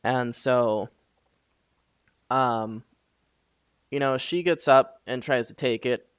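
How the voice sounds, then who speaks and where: Halting young man retelling a dream. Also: mid-range voice, clean tone, dry recording, clean studio sound. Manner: halting, filler-heavy retelling. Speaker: storyteller. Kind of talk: casual spoken dream story.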